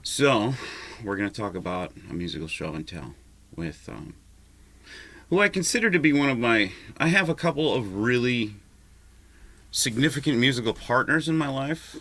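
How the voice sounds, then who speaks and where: A man's voice: medium pitch, expressive, moderate pace, fairly bright tone. A man rambling alone in a home vlog, swearing often and mocking himself as he talks to himself. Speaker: vlogger and musician. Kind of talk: rambling solo vlog talk. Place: at home, neighborhood lawnmowers outside.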